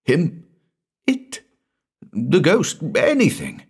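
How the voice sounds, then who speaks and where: A man's voice: on the low side, big pitch swings, a little slow, voice pushed up, exaggerated voice. A man voicing a terrified young male actor who talks in a hysterical, breathless way.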